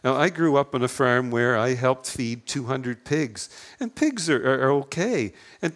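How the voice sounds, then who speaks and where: An older man delivers a sermon in a conversational, plainspoken manner. His voice sits at an ordinary middle pitch, and he keeps posing rhetorical questions, sometimes stumbling and restarting a word. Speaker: pastor.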